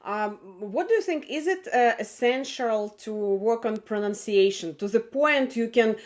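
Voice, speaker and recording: A woman with a Russian accent, a native Russian speaker, asking measured interview questions with frequent pauses. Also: a little high. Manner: measured, hesitant with "uh".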